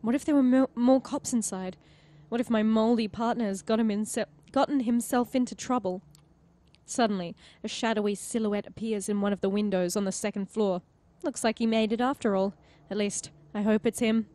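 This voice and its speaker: A woman reading a story game aloud as its narrator, expressive and with giggly asides. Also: fairly high pitch, normal speed, dry recording. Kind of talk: narrating a visual novel playthrough.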